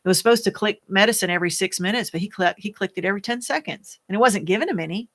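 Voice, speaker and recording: A woman, a widow, talking candidly to the camera, soft-spoken and earnest, halting and searching for words with many fillers. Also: medium pitch. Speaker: widow sharing her experience. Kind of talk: candid personal talk to camera.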